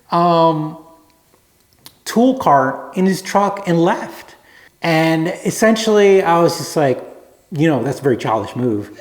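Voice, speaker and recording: A man telling a rambling, relaxed anecdote to camera as a vlogger. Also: fairly high pitch, roomy sound. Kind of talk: casual storytelling to camera.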